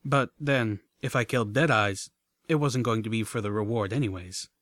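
A man narrating an audiobook in a steady, measured reading. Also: on the low side, no echo.

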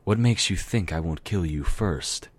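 A man's voice: low-pitched, lively intonation, a little slow, breathy edge, exaggerated voice. A man voicing a defiant, snarky pink pony mare in a storybook reading.

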